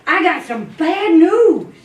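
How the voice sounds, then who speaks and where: A woman's voice: very high voice, sing-song, takes it slowly, a little mellow, pitched above the performer's own voice, exaggerated voice. Woman doing big dim-witted wolf. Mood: mournful. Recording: echoey room, distant mic, faint hiss.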